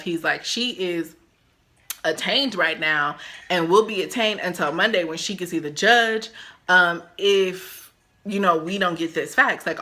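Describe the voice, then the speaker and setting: A woman vlogger telling a storytime about a stay in jail, animated and acting out the voices of the people she quotes. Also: lowish voice. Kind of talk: storytime vlog.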